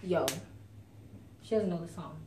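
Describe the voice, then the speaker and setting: A young woman co-hosting a vlog in casual chat, excitable and teasing. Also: on the low side, a little slow, distant mic, background noise. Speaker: vlog co-host. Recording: echoey room with music behind.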